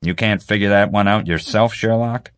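A man's voice: fairly low pitch, normal speed, dry recording, close to an everyday voice. A man playing a dry, seasoned investigator. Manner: dry, matter-of-fact.

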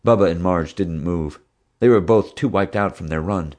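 A man with a very low voice reads a story aloud as narrator. His delivery is steady and scripted, in the manner of an audiobook. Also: moderate pace.

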